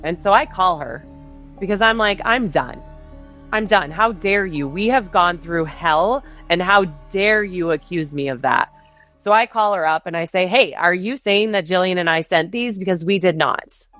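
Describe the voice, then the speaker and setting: A middle-aged woman speaks in a somewhat low voice, retelling a hard stretch of her life for a podcast. She voices both sides of the arguments with intensity. A faint music bed plays beneath her. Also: normal speed, a bit bright. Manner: intense, retelling heated quarrels with quoted dialogue. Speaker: guest telling her story. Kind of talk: podcast interview storytelling.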